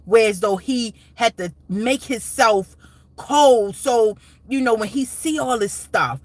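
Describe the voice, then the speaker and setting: A woman's voice: on the high side, slow pace, no room sound. Woman, live-stream host, casual monologue, rambling, emotional, many restarts.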